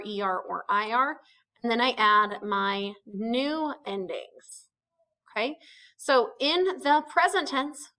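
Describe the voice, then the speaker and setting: A woman's voice: on the high side, a bit bright, poor audio. A woman, a teacher explaining a lesson step by step, often saying "okay" and "um.". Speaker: Spanish teacher. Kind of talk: recorded lesson narration.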